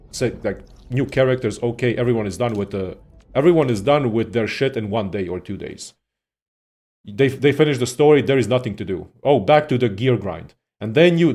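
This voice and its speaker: Male streamer doing loose gaming commentary; sweary, sarcastic, ranting, average pitch. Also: darkish tone.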